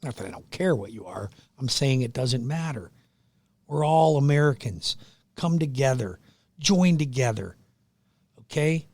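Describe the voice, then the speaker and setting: A middle-aged man hosting a radio show, loud and pushy, joking at his own expense and going a bit hoarse from yelling. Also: mid-range voice, lively intonation, a little slow, pauses often, dry recording. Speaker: radio show host, mortgage lender. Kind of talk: energetic radio sales pitch. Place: radio studio.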